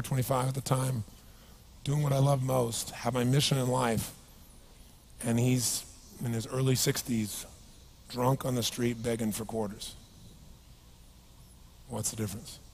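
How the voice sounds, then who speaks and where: Gravelly man telling a story on stage. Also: medium pitch, a little hiss or hum. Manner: animated, conversational, asks the audience questions. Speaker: motivational seminar speaker. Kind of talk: storytelling to a live audience.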